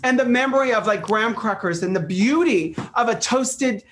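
A middle-aged man chatting as an interview guest, animated and storytelling, often repeating phrases, heard over a video call. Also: extremely high pitch, normal speed, a little hiss or hum. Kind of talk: casual interview chat.

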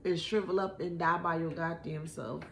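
A woman's voice: sits low, fairly even intonation, normal speed, creaky, heavy background noise. A woman giving a casual tarot reading, blunt and profane, mocking and laughing often. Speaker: tarot reader. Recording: echoey room.

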